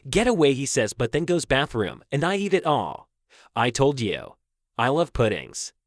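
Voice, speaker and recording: A greedy old pensioner, put on by a man, rattles off his favourite puddings in a fussy, sing-song voice. His pitch sits higher than the performer's own and leaps about lively. The recording is dry and close. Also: normal speed, no echo, close to an everyday voice. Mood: gleeful.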